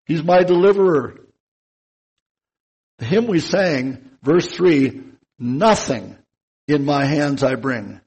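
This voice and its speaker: A man delivers a sermon at an unhurried pace. He lingers on key words to give them weight, and his voice has a husky edge. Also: medium pitch, poor audio. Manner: slow and deliberate, stretching key words for emphasis. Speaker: preacher.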